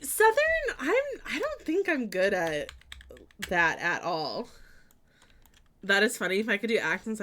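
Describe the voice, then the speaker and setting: A woman's voice: mid-range voice, a bit bright. A young woman streaming a building game, chatting casually with lots of fillers and giggles.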